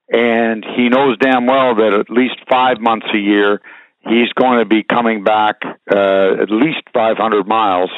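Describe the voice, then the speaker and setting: A man's voice: fairly low pitch, no echo. Folksy older man on a tinny line. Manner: frank, folksy, rambling with fillers. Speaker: guest, trucking business veteran. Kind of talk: casual advice and storytelling. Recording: dry, tinny phone-like sound.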